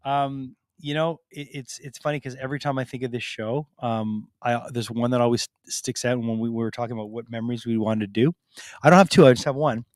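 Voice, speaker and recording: A man's voice: medium pitch, steady tone, a little fast, no room sound. A man co-hosting a live convention Q&A on stage, chatting in a friendly, rambling way with fillers. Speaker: convention organizer co-host.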